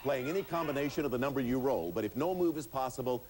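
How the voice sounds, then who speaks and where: A man with a Southern accent hosting a TV game show, upbeat and brisk in his patter. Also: medium pitch. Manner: lively, upbeat, excited on big rolls. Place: TV studio. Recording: 1980s TV broadcast with studio audience and music.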